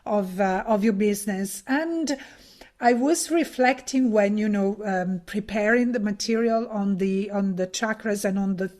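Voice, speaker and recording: Slow-talking woman podcast host. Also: mid-range voice, darkish tone. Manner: thoughtful, many fillers. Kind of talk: casual podcast conversation.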